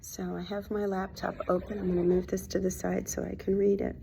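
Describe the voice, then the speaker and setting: A woman talking through a personal spiritual vlog in a heartfelt, confiding way, at times dropping to a soft near-whisper. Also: medium pitch, steady tone, a little fast, creaky, hardly any pauses, slight background noise. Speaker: hypnotherapist and spiritual vlogger.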